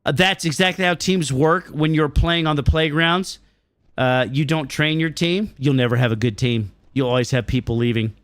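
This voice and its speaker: A man's voice: on the high side, moderate pace, a bit bright, no room sound, studio quality. A middle-aged man streaming a game and answering his chat, ranting bluntly and swearing freely. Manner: blunt, profane, riled-up ranting.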